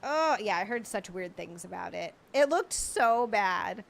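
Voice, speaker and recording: A woman hosting a livestream in a casual, chatty way, greeting viewers and answering their comments. She is excitable and quick to laugh. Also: medium pitch, vocal fry. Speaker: livestream host.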